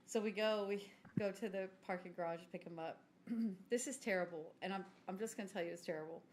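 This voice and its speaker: A woman, telling a story in casual podcast chat, self-mocking and clearing her throat now and then. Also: mid-range voice, brisk, slight background noise. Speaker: podcast co-host.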